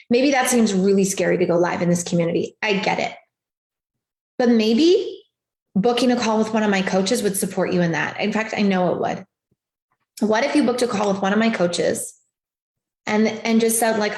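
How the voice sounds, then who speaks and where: A woman's voice: fairly high pitch, brisk, reverberant. A woman hosting a live stream as a life coach, giving an emphatic, repetitive motivational talk over a video call. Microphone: video call setup.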